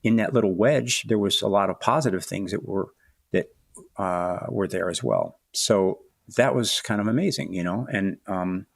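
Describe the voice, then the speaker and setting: Deep gravelly man, thoughtful and halting. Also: no room sound, studio quality. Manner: thoughtful, halting, many restarts and "you know"s. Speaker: author guest. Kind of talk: reflective interview talk.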